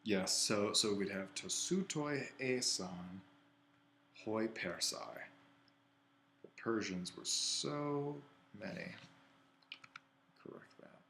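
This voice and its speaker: A man's voice: lowish voice, lively intonation, takes it slowly, creaky, long pauses, sharp tone, slight background noise, low-quality recording. A man teaching an ancient Greek exercise, thinking aloud and correcting himself as he writes. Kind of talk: worked-exercise lesson.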